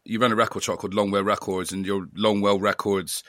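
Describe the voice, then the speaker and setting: A man's voice: lowish voice, flat delivery, a little fast, a bit bright, no echo, studio quality. A man with a Bristolian accent hosting a casual interview, asking probing questions and nodding along with "yeah". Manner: friendly, probing, fills with "yeah". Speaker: interviewer host.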